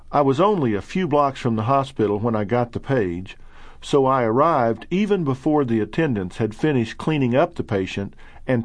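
A middle-aged man narrating his own book in an earnest, measured way that rises sharply when indignant. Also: mid-range voice, dry recording. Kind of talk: audiobook narration.

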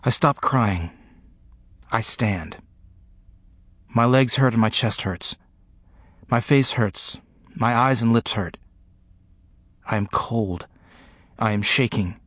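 A man reading a first-person memoir aloud, in a slow, grave, repetitive delivery. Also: mid-range voice, a bit bright, no room sound, clean studio sound. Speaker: narrator.

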